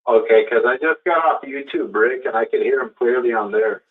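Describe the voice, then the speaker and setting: A man's voice: mid-range voice, a little fast. A man from Southern California talking as a caller on a call-in show, rambling and often restarting his sentences. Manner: rambling, hesitant, repeats himself. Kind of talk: casual call-in chat. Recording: phone-like call audio.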